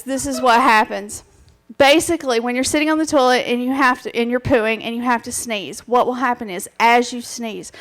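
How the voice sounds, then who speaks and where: A woman presenting a playful, crude comic talk on stage at a live bar show, excitable and chatting with the crowd. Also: fairly high pitch.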